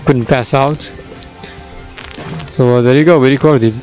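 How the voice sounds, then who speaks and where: A man's voice: mid-range voice, a little slow, soft background music, poor audio. Giggly young man rambling over gameplay. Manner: rambling and giggly, gets loud and excited. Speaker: gaming YouTuber. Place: home computer setup. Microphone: desktop microphone.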